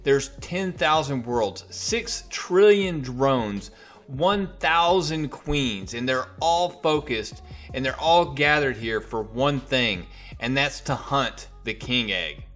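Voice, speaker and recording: A man giving a casual, energetic recap of a comic book issue, acting out the characters' lines as he tells the story. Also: mid-range voice, slow, faint music behind. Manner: energetic storyteller who acts out quoted lines.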